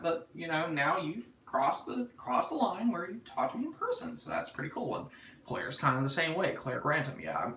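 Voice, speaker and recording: This livestream host, a man in his 20s with a Southern accent from North Carolina, goes through comments with rambling talk, jokes, and profanity. His high voice comes across pushed and bright. He's far from the mic in an echoey room, and the audio is poor.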